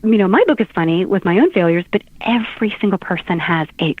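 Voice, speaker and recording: Over a tinny, phone-like connection, a middle-aged guest author tells amusing anecdotes in casual talk-show conversation. Her medium-pitched voice runs at a quick clip, the recording dry, and she laughs frequently while spinning her tales with lots of energy.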